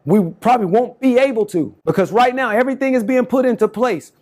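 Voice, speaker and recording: A man in his forties with a strikingly high voice preaches at the camera in a fervent, rambling monologue. His speech is slangy and casual, doubling back on itself with frequent restarts. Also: a little fast, darkish tone. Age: 40s. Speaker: self-styled political campaigner. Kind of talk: impassioned direct-to-camera monologue.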